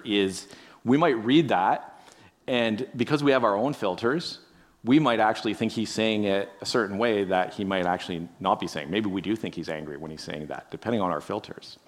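A man preaching a conversational sermon, musing aloud, asking the listeners rhetorical questions and often tagging on "right?". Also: lowish voice. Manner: addresses listeners directly. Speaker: pastor.

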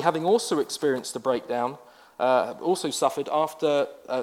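A man, a pastor telling a personal story in a conversational sermon with wry asides. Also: on the high side.

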